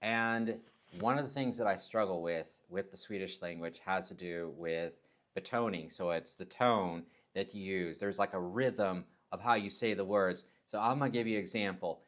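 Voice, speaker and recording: A man talks casually into the camera in a fairly low voice. He explains things in a chatty way and acts out words with stretched, exaggerated tones. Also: normal speed. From Texas, United States. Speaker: nurse vlogger.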